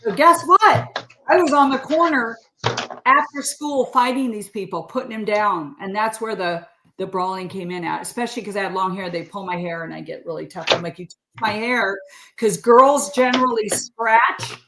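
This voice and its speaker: A woman's voice: mid-range voice, normal speed, pushed and bright, roomy sound, a little hiss or hum. A sixty-year-old woman from California, a podcast guest telling stories in casual, chatty talk and laughing often. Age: 60s. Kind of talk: casual interview chat.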